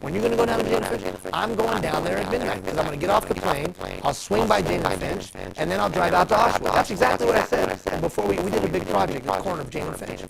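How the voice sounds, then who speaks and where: A man giving a live motivational talk, telling stories in an animated way and putting questions to the audience. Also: high-pitched, fast talker, creaky, few pauses, low-quality recording. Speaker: motivational speaker. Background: crowd.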